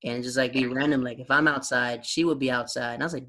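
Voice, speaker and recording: A man's voice: medium pitch, fairly even intonation, fast, pushed and bright. A man hosting a podcast, chatting casually and asking teasing questions. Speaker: podcast host. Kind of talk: casual interview chat.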